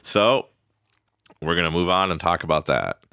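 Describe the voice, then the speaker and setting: Man, podcast host, casual motivational talk, low gravelly voice, lively pitch, dry studio sound. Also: fast, no room sound. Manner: animated, laughs often, acts out quoted voices.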